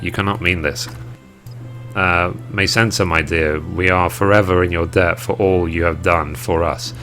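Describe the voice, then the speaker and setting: The leader of a travelling music troupe from a game speaks in dramatic, poetic lines, read aloud by a man. The voice is low and even. Faint music plays behind. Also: exaggerated voice.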